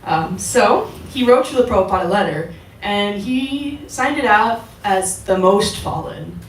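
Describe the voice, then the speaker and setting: A woman's voice: medium pitch, animated, a little slow, a little hiss or hum. A woman giving a casual devotional talk to a group, asking her listeners questions as she goes. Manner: conversational, asks the audience questions. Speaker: devotional class speaker. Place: temple hall. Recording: echoey hall, voice from far off.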